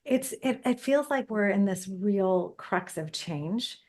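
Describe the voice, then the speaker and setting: A woman's voice: medium pitch, expressive, slow pace, darkish tone. A woman from Canada, hosting a casual interview and thinking aloud with frequent restarts. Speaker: podcast host.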